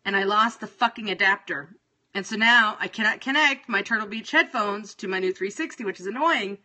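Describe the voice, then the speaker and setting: A woman in her thirties talking on a casual phone livestream, swearing freely and swinging between loud venting and calm muttering. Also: mid-range voice, brisk. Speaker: livestream host.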